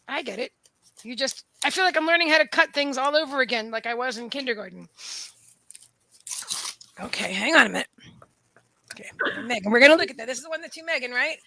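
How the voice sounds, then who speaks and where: A woman hosting a casual livestream from a room in her home, gushing and excitable as she talks to her dogs. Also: high-pitched, no room sound. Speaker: host of a live psychic reading stream. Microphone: camera setup lit by a ring light.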